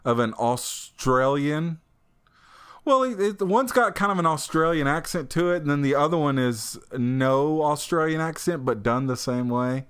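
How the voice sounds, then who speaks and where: A man's voice: a little high, moderate pace, smooth. A man co-hosting a tabletop gaming podcast, talking in a rambling, hesitant way with lots of fillers and frequent laughs. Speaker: podcast co-host. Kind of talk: casual chat.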